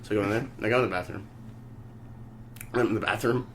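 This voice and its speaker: A man's voice: on the low side, fast talker. A young man from Oklahoma hosting a podcast, telling a long story in casual chat, rambling and swearing constantly. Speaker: podcast host.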